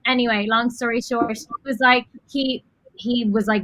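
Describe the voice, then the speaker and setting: A woman with a Dublin Irish accent, chatting as a guest on a live video call and telling animated stories with frequent laughter. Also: a little high, normal speed, no echo, rough recording. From Dublin, Ireland. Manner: animated storyteller, laughs often.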